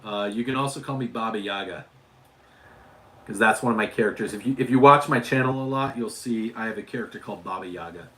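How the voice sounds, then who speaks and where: A man's voice: on the low side, quick pace, sharp tone. A man from Utah hosting a casual livestream, chatting with viewers and often restarting and repeating his words. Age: adult father. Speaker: livestream host.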